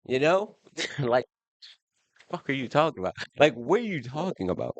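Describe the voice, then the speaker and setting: A man from Baltimore giving heated, profane reaction commentary, incredulous and quick to laugh, in his basement on a faulty home mic. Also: mid-range voice, big pitch swings, no room sound. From Baltimore, USA. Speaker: reaction video host.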